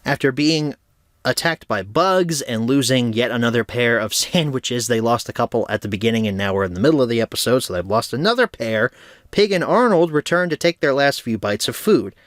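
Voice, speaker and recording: A man's voice: medium pitch, expressive, brisk, no room sound, clean studio sound. A man giving a casual, joking review of a cartoon, laid-back and full of slang.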